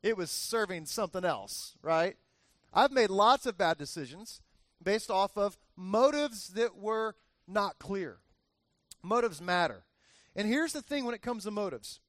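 Man, pastor, high voice, dry close sound, chatty sermon, repeats for emphasis. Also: lively intonation, a little slow, a bit bright, no room sound. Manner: conversational, repeats himself for emphasis, joking asides.

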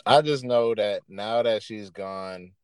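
A man's voice: fairly low pitch, slow, darkish tone, clear, resonant tone, dry recording, rough recording. A man co-hosting a casual chat, loose and joking, laughing often.

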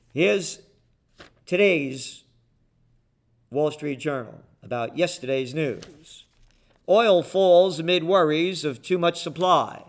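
Ranting, mocking male commentator. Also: on the high side. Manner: sarcastic, combative, mocking name-calling. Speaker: political and market commentary host.

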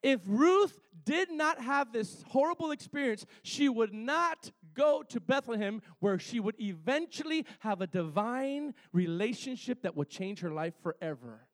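A man's voice: extremely high pitch, expressive, a little slow, few pauses, no room sound. A male preacher delivering a fervent sermon to his church, repeating phrases and calling for amens.

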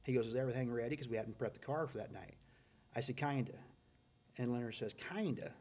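A middle-aged man telling stories in a casual, folksy way, getting loud and excited at the punchlines. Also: medium pitch, quick pace. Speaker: guest storyteller. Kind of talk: casual storytelling.

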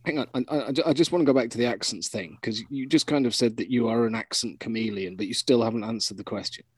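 A man co-hosting a casual podcast, chipping in quickly and pulling the chat back on topic. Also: mid-range voice, breathy edge, no room sound. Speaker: podcast co-host.

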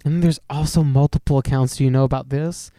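A man's voice: medium pitch, fairly even intonation, quick pace, mellow, dry recording, clean studio sound. A man, a musician, chatting casually on a podcast, rambling with many fillers and frequent laughs. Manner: rambling, lots of "like", laughs often. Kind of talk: casual chat.

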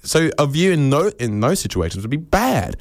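A man giving a rambling comedic monologue with absurd deadpan claims, acting out quoted voices along the way. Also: a little high, moderate pace, dry recording, clean studio sound.

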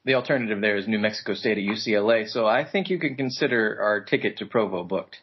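A man's voice: fairly low pitch, fast talker, breathy edge. A man co-hosting a podcast, chatting casually about sports with dry, wry quips. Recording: dull lo-fi podcast recording.

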